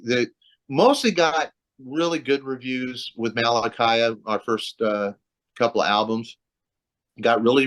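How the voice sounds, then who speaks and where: A metal vocalist with a fairly bright, mid-range voice rambles through a casual video-call interview about his career. He keeps restarting and dropping in fillers as he talks loosely.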